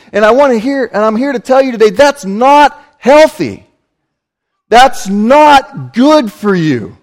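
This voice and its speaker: A male pastor preaching a sermon, telling a story with animated, acted-out scenes. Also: extremely high pitch.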